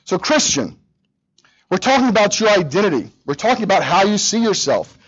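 A pastor preaching a sermon, talking straight to the congregation and to the children, in a lively, animated way. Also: male voice, sits high, fairly quick, husky, lo-fi sound. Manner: animated, speaks directly to children.

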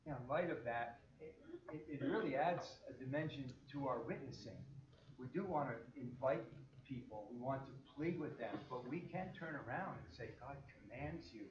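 A man calmly adding a measured comment during a sermon, heard faintly from a distance. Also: medium pitch. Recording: quiet, off-mic, distant.

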